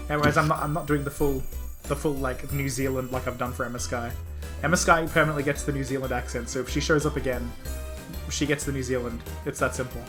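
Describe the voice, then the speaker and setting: A man's voice: mid-range voice, fairly even intonation, fast talker, fairly bright tone, faint music behind. Chatty man streaming a game. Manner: chatty and stumbling. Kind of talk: casual game stream chat.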